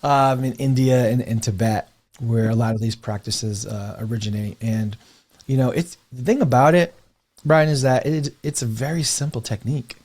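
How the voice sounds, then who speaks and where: A man's voice: mid-range voice, moderate pace. A man who teaches breathwork speaks in a casual interview, telling stories with lots of "you know" fillers and laughing now and then. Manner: animated storyteller, leans on "you know" fillers.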